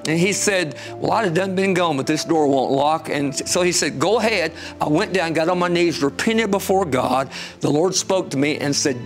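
A man guest telling an emotional testimony with fervent storytelling, rising high when excited. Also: moderate pace, soft background music.

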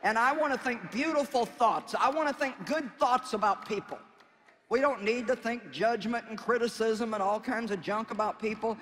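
A man's voice: extremely high pitch, normal speed, fairly bright tone, long reverb tail. A man preaching a sermon in a folksy, conversational way, with emphatic exhortations.

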